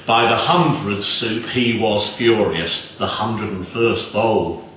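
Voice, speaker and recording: A man telling a folk tale in an expressive, dramatic way. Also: on the low side, slow pace, slight background noise. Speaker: storyteller. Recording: very echoey room, distant mic.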